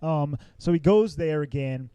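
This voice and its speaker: A man's voice: a little slow, clean tone, no room sound. A man co-hosting a podcast, chatting casually about a film and acting out the characters in exaggerated voices. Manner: animated, acts out characters in exaggerated high voices. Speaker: podcast co-host. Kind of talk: casual film review chat.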